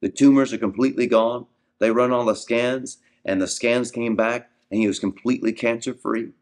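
A man's voice: medium pitch, fairly even intonation, moderate pace, a little mellow. A man in his forties, a minister, tells a personal healing story in an earnest preaching talk and repeats words as he starts his thoughts.

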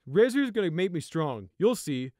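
A hardened young buck, zealous and harsh, voiced by a man raising his pitch somewhat. He talks loudly and forcefully in short, clipped lines. The sound is dry and close. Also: very animated, moderate pace, dry recording. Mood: angry.

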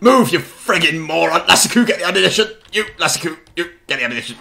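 A man's voice: fairly high pitch, expressive, fast, vocal fry, pushed and bright, faint music behind. A man playing the officer of an artillery crew over voice chat, with mock-formal orders and flustered stammering. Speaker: gamer commanding an artillery crew.

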